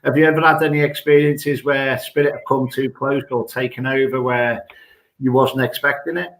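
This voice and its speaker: A man's voice: mid-range voice, steady tone, normal speed, a bit bright. A British man hosting an interview, asking long, rambling questions with frequent restarts. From United Kingdom. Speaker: host. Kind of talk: casual interview chat. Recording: roomy echo.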